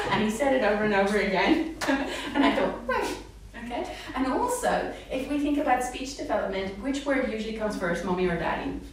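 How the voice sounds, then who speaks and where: A woman speech therapist giving a live talk to parents, animated, acting out words in a sing-song voice. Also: on the high side, fairly quick. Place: hall with a live audience. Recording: echoey room, mic far off, faint noise.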